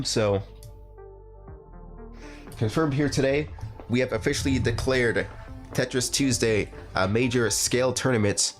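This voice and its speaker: A man announcing a live online game tournament, talking in a rambling, halting way with lots of fillers and restarts. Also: lowish voice. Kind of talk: live esports commentary.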